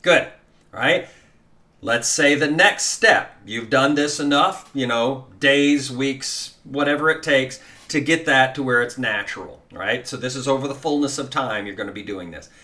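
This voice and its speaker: A man with a mid-range, sharp-toned voice leads a guided guitar lesson a little slowly, counting beats aloud. He coaches the listener in a casual, encouraging way with many fillers.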